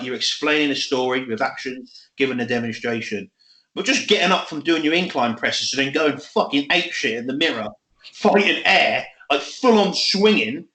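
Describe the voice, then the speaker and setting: Podcast co-host, man, high lively voice, roomy echo, sweary animated rant. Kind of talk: casual chat.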